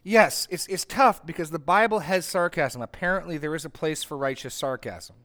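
A man's voice: on the high side, normal speed, a bit bright. A middle-aged man leading a Bible study as its pastor, conversational and full of restarts and asides while teaching a group.

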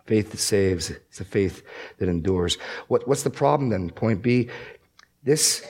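A man's voice: fairly low pitch, animated, measured pace, darkish tone, husky. A man preaching as a pastor, emphatic and repeating key phrases for stress. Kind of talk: sermon.

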